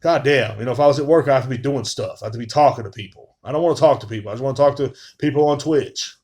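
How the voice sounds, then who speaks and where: A man's voice: medium pitch, very fast, darkish tone. A man hosting his own podcast, talking loosely and profanely in a rambling monologue, streaming live from his phone at home. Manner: profane, rambling, frequent filler phrases. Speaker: podcast host.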